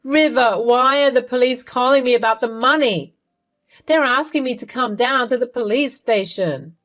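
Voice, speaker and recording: A woman's voice: animated, unhurried, close to an everyday voice. A woman voicing a scheming older mother-in-law. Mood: panicked. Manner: scornful, then pleading and shrill.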